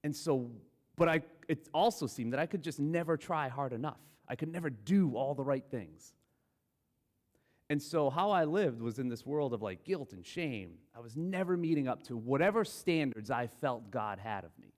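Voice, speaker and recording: A man preaches in a candid, storytelling way, often poking fun at himself. His pitch rises and falls a lot as he talks. The voice rings out with a long reverb, as in a church sanctuary. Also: lively intonation, moderate pace. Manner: candid, self-deprecating, storytelling. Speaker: guest preacher. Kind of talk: conversational sermon.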